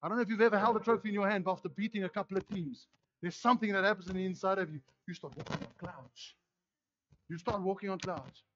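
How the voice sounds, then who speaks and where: A middle-aged man with a New Zealand accent preaching a sermon, swinging between fired-up shouting and quiet tenderness. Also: high-pitched, fast talker, dull audio, a little hiss or hum. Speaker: pastor.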